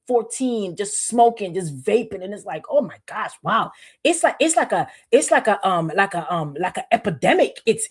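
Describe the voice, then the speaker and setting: A woman's voice: mid-range voice, breathy edge. A middle-aged woman pastor with a New York accent, preaching in a conversational style that repeats phrases and restarts often. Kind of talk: sermon.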